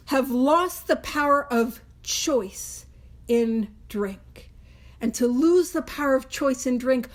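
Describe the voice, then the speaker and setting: A young adult woman leading a book study in a casual, emphatic teaching style, laughing often as she talks. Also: sits high. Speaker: Big Book study leader.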